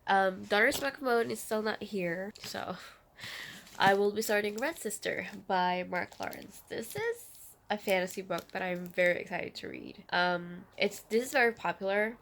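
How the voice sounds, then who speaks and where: A young woman from the Philippines talks through her reading week in a loose, rambling vlog style. Her voice carries a gravelly, fry-tinged edge. She sits at a middle pitch for a woman. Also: expressive, a little slow, fairly bright tone, a little hiss or hum. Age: 20s. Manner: rambling, self-correcting, chatty. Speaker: book vlogger. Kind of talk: casual reading vlog chat.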